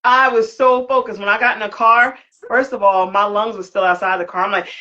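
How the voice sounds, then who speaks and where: An older woman, a guest who created a brand for Black women, tells a comic story with lots of energy, swearing now and then and acting out the voices she quotes. Her voice is medium-pitched, bright and forceful, with a steady tone and fairly quick pace. The sound is lo-fi.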